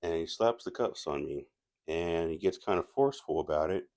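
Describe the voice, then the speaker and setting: Deep-voiced man rambling through a story. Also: expressive, moderate pace, darkish tone. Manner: rambling, with frequent restarts and asides. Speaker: movie reviewer telling a personal story. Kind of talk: casual storytelling monologue.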